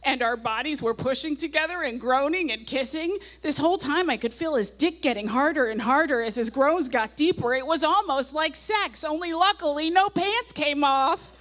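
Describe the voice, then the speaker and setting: A woman's voice: sits high, normal speed, few pauses, fairly bright tone. A woman in her forties stands at a stage mic and reads from her teenage diary with comic timing. She breaks off for dry, knowing asides, then throws herself back into the breathless entries. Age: 40s. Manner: wry asides, reads diary passages with mounting gusto. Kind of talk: live comic diary reading. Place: stage at a nightclub before an audience.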